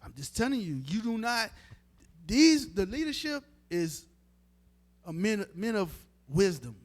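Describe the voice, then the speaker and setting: With a high-pitched voice full of big pitch swings, a man preaches a street-style sermon at a slightly slow pace. He's informal and emphatic, addressing the crowd directly.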